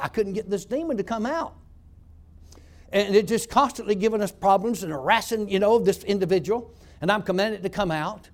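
A man telling his testimony in a folksy, emphatic way. His voice sits high for a man and swings up and down a lot as he tells the story, in the manner of a former prison preacher. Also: darkish tone. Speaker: former prison pastor, guest.

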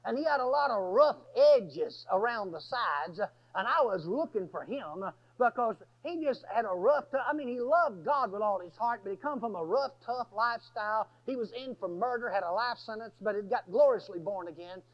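A man telling a story in a sermon, folksy and animated, often bursting into shouts. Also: high voice, moderate pace, few pauses. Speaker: preacher. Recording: dull lo-fi sermon recording.

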